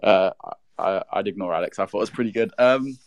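A man's voice: fairly low pitch, fast talker, no room sound, studio quality. A man invited up as a guest in a live audio chat, laid-back and candid. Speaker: guest speaker. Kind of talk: casual chat.

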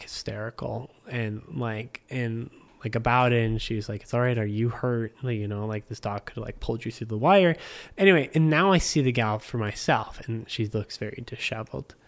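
A man telling a long anecdote as a podcast guest in his living room, rambling with plenty of "like" and acting out what people said. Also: mid-range voice. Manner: rambling, heavy use of "like", acts out quoted speech. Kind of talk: casual storytelling chat.

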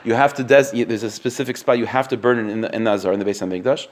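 Guy teaching a text lesson, talks fast, reads a line then explains it over and over. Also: lowish voice, steady tone. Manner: quick, explanatory, repeats phrases, reads Hebrew sources aloud and translates. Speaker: Talmud teacher. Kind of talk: text-based shiur lesson.

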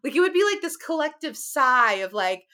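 A woman in her forties chatting casually as a podcast guest, talking in animated, frank rants with some swearing. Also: sits high, moderate pace. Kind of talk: casual conversational chat.

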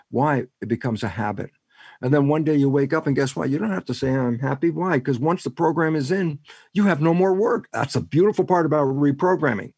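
An older man, a scientist and author, explains ideas in an interview, acting out both sides of imagined dialogues like an animated storyteller. His mid-range voice is husky and a little fast, with no echo.

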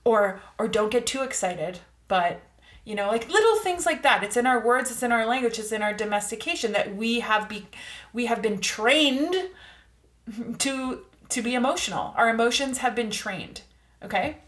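A woman with a fairly high voice speaks in a calm, earnest coaching tone. She often checks in with her listeners and stretches out the words she wants to land. The sound is roomy, with a clear echo around her. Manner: calm, earnest, coaching tone with frequent "all right?" check-ins; slow, drawn-out emphasis on key words. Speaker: podcast host. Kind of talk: reflective self-help monologue.

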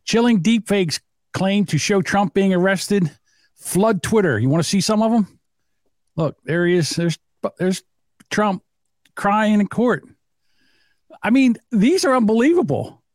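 Male podcast co-host, teasing and rambling, lively higher voice, dry studio sound. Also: measured pace, pauses often, dry recording. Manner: teasing, rambling, laughs at own jokes. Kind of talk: casual banter.

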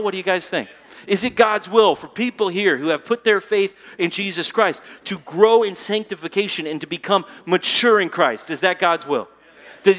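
Male pastor, thirties, chatty sermon style with questions to the crowd, high voice. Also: fairly bright tone. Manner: conversational, asks the congregation questions. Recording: long hall reverb.

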